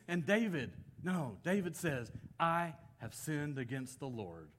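A man preaching, retelling an old story with lots of expression. He acts out each quoted line, getting loud and high for outbursts and dropping to a near hush for the solemn parts. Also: very animated, a little slow, hardly any pauses. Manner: storytelling, acting out quoted lines with swings of pitch and loudness. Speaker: pastor. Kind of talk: sermon.

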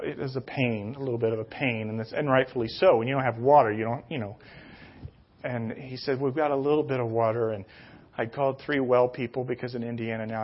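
Rambling middle-aged pastor on dull audio. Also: male voice, a little high. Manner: rambling, self-deprecating anecdotes that build to loud, excited retelling. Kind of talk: sermon with personal storytelling.

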